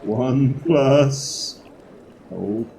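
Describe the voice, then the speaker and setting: A man's voice: medium pitch, drawn-out words, gravelly, warm tone, slight background noise. A man playing in a tabletop game, speaking with dry understated humor. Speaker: player. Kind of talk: casual tabletop game play.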